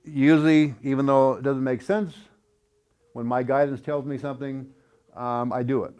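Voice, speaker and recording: Earnest, halting man explaining a build. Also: medium pitch. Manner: earnest, hesitant, many fillers and restarts; softly chants syllables. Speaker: instructor demonstrating a build. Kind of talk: casual how-to explanation.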